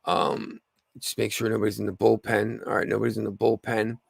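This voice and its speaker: A slightly hoarse man with a gravelly voice hosting a casual livestream, rambling with lots of fillers and restarts. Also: on the low side, steady tone, fairly quick, no room sound. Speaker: livestream host.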